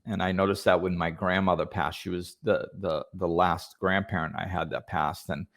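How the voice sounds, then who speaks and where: A man with a very low, deep voice hosts a podcast conversation. He talks reflectively and hesitantly, trailing off and starting over as he works through his thoughts. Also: level tone, normal speed, fairly bright tone. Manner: thoughtful, hesitant, many fillers and restarts. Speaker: podcast host.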